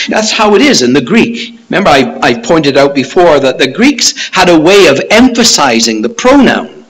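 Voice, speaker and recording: A husky-voiced male preacher teaching slowly through a passage. His pitch swings widely, climbing high when he voices a protesting disciple and dropping low for quiet asides. The delivery is unhurried and deliberate. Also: poor audio. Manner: emphatic, acts out Peter's protests in a raised voice. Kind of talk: expository Bible teaching.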